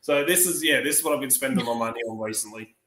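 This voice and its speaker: Bright-voiced Australian man telling a story. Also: medium pitch, fast talker, reverberant, poor audio. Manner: rambling storyteller, acts out quoted dialogue. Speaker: livestream panelist. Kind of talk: casual chat.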